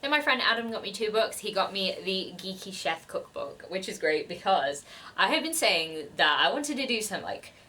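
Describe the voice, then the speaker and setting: A woman's voice: medium pitch, very animated, normal speed, sharp tone. A young woman chatting casually as a book vlogger, giggly and gushing about her gifts. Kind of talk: casual chat.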